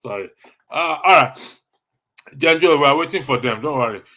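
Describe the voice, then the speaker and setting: A man's voice: on the high side, animated, moderate pace, sharp tone. A Nigerian man hosting a casual live stream, reading viewer comments with a jokey, teasing manner and frequent laughter.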